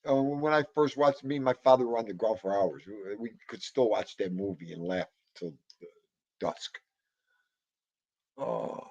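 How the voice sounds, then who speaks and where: A man hosting a casual livestream, chatting to viewers and reading their comments in a rambling, animated way, with sudden loud exclamations. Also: lowish voice, a little slow, pauses often, dry recording, lo-fi sound.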